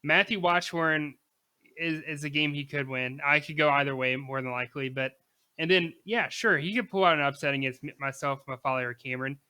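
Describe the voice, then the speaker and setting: A young man co-hosting a casual sports podcast in a bright, forceful voice that sits a little high. He talks emphatically and with animation, laughing easily between his points. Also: brisk, clean tone. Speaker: podcast co-host.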